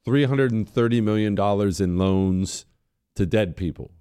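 A man hosting a talk radio show, emphatic and sarcastic, swinging from loud mockery to low, intense points. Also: moderate pace, slight background noise.

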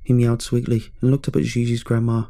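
A man narrating a scripted horror story in a measured, ominous way. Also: mid-range voice, completely flat delivery, warm tone.

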